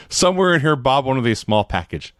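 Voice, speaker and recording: Giggly storytelling man with a lively voice. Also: medium pitch, normal speed, smooth, dry recording, clean studio sound. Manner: laughing storyteller, acting out quotes. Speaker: podcast co-host. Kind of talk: casual chat.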